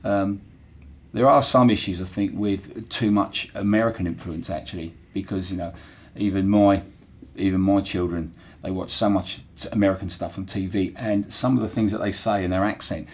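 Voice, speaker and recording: Low, husky and a little mellow, his voice keeps fairly even intonation at a moderate pace. He's a middle-aged former dockyard worker with a Portsmouth accent, from Portsmouth, England. In a casual interview he reflects earnestly, with plenty of fillers and restarts.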